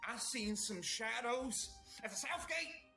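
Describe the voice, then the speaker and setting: A shrill frantic impish little man. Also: animated, takes it slowly, gravelly, faint music behind, heavily acted. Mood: panicky. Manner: shrill, panicky yelling, ungrammatical.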